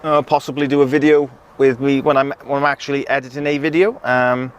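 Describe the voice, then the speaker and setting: With a clear, resonant voice of medium pitch, this truck driver vlogger speaks fairly quickly while reading viewer comments from his truck. The chat is relaxed and casual, with lots of ums and restarts. An action camera with a pocket mic captures it, along with faint outdoor vehicle noise.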